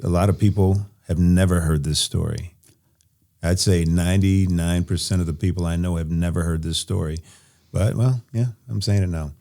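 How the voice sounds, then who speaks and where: A man from Nebraska, a podcast guest, telling stories from his past in an animated way with an occasional laugh. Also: low-pitched, normal speed, gravelly. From Nebraska, USA. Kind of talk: casual interview storytelling.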